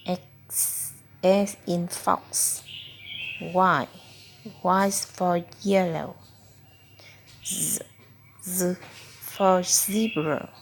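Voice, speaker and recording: Slow gravelly lady reading phonics words one by one for a kid. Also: fairly low pitch, fairly even intonation, a little hiss or hum. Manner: slow, deliberate word-by-word reading. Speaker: reading tutor. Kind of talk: slow phonics read-aloud for a child.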